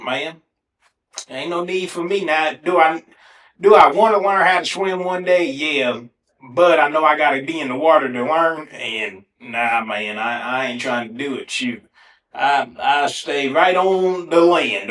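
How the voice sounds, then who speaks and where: A man hosting a podcast alone, telling funny stories in a casual, animated way and swearing freely. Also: a little high, measured pace. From Ohio, USA. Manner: animated, swears casually, breaks into exaggerated self-mocking. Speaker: podcast host. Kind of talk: casual solo storytelling. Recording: echoey room.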